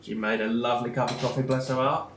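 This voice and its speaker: A man's voice: medium pitch, level tone, fast talker, slight background noise. A man hosting a gaming channel who gives casual gameplay commentary, chatting, joking and reacting aloud to the game. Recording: echoey room with game music.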